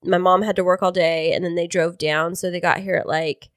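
A woman's voice: fairly quick, dry recording, studio quality. Chatty woman co-hosting a podcast. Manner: animated storyteller, mimics others in high voices. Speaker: podcast co-host. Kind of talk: casual chat. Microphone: studio microphone.

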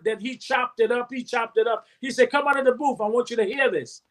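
This man in his fifties speaks with an extremely high pitch, talking fast with few pauses. A recording artist being interviewed, he tells his story with animation, voicing other people's quotes and humming beats.

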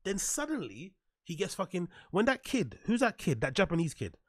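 A man's voice: high voice, wildly swooping pitch, moderate pace, no room sound, studio quality. A man reacting to podcast clips with sarcastic, mocking commentary, swearing and answering his chat. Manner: sarcastic, swears a lot, reads chat aloud. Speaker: commentary streamer.

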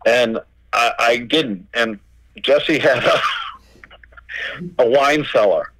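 Here the same kind of guest, a middle-aged man who owns a record label, speaks slowly in a mid-range voice with long pauses. The recording is dry and low in quality. Animated throughout, he performs the dialogue in his stories and curses without restraint during the relaxed podcast interview.

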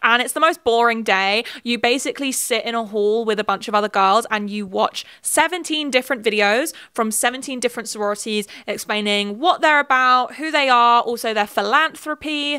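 A woman's voice: fairly high pitch, pushed and bright, clean tone. A young woman giving a casual commentary video, chatty and full of laughing asides. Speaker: video essayist.

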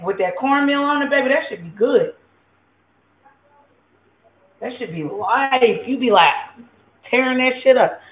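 Profane cook with a tinny sound. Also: medium pitch. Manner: loose, profane, chatty, talks to viewers. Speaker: home cook host. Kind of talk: casual cooking vlog. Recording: tinny, phone-like and echoey.

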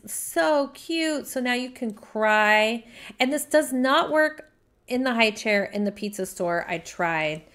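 A woman hosting a casual gameplay live stream, chatty and upbeat, greeting viewers by name and gushing over what she finds. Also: mid-range voice.

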